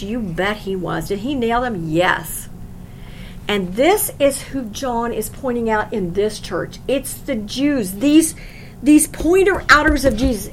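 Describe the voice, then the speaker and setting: A woman's voice: high-pitched, a little hiss or hum, low-quality recording. A woman teaching a sermon on scripture, emphatic and conversational, asking the listeners questions. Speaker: Bible teacher.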